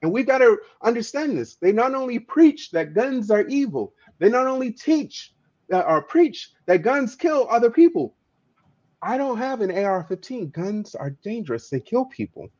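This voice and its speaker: Emphatic man with a lively high voice. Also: normal speed. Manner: emphatic, stammering repeats of words. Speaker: political activist guest. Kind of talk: impassioned storytelling in conversation. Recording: dull lo-fi audio.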